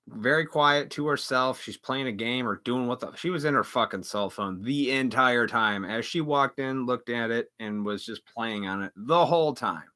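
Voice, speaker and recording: A man's voice: medium pitch, pushed and bright. A man hosting a live stream, telling a story in a casual, indignant, profanity-laced rant full of restarts.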